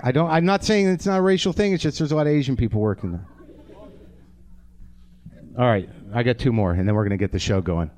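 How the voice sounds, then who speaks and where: A man's voice: mid-range voice, fast, long pauses, darkish tone, slight background noise. A man in his forties hosting a comedy podcast live on a theatre stage, riffing with the audience in a profane, sardonic way. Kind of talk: live stand-up banter with audience.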